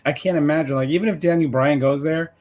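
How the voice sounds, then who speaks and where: A man's voice: fairly high pitch, fairly even intonation, fast talker, a little mellow. Male co-host, medium voice, blunt, profane, faint noise behind him. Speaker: podcast co-host. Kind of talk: casual wrestling chat.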